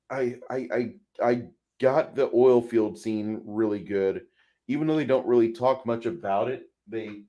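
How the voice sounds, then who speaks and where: A man's voice: mid-range voice, a little mellow. A man co-hosting a casual movie podcast, rambling with frequent restarts and putting on voices for quotes. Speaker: podcast co-host; truck driver.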